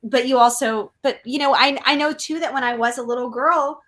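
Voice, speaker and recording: A woman's voice: sits high, fairly quick, fairly bright tone. A young woman, a magician talking casually in an interview, chatty with lots of likes and ums. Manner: chatty, many likes and ums, laughing asides. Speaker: magician guest.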